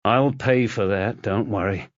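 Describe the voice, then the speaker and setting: A man's voice: lowish voice, measured pace, no room sound, close to an everyday voice. A man voicing a tense detective and protective husband who talks tersely, in a dull lo-fi recording.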